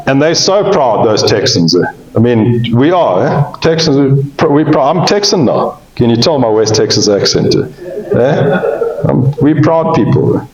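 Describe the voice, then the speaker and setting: A man's voice: mid-range voice, darkish tone. A man giving a pre-sale presentation on cattle, folksy and joking, often checking in with the audience. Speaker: cattle industry speaker. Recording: roomy, slightly dull sound.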